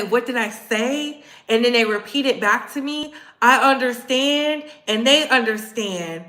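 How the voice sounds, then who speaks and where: A woman host giving blunt, sassy, profane commentary, telling stories with animated asides. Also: fairly high pitch, reverberant. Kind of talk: casual commentary vlog.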